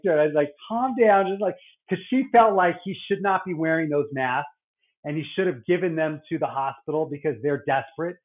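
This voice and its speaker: A middle-aged man who works as a doctor talks in a loose, rambling way, doubling back and restarting his sentences. His voice sits a little high. The sound is thin and boxy, as if it were coming over a phone call. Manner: rambling, many restarts and fillers. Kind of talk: casual podcast chat.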